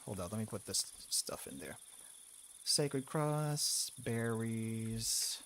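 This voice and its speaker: A man's voice: medium pitch, lively intonation, slow pace, fairly bright tone. A man streaming a game, casually thinking aloud as he picks cards and mutters through his moves. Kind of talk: casual gameplay commentary.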